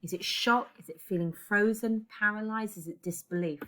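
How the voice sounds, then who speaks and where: A woman's voice: mid-range voice, moderate pace, a bit bright. A woman English teacher recording a lesson, guiding students step by step with reflective questions.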